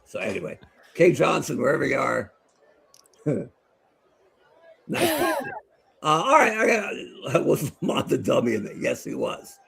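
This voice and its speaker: Man, middle-aged, gravelly voice, lively pitch, podcast co-host, animated storyteller. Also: unhurried, pauses often. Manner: animated storyteller, laughs often. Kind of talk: casual chat and video game play-by-play.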